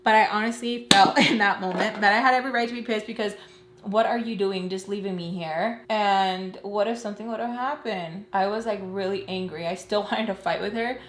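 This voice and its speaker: A woman's voice: mid-range voice, brisk. A woman telling a dramatic personal story in casual, slangy chat, acting out what people said. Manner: animated, slangy storytelling that acts out quoted dialogue; talks while doing her makeup. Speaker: storytime vlogger. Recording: roomy room with faint hum.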